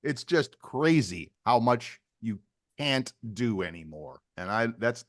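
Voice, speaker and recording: An older man chats on a podcast in a jokey, self-mocking way and often says things twice. His pitch swings up and down as he talks. The sound is dry and close, with no room echo. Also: big pitch swings, slow pace, fairly bright tone. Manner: jokey, self-deprecating, repeats phrases. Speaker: podcast co-host. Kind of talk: casual chat.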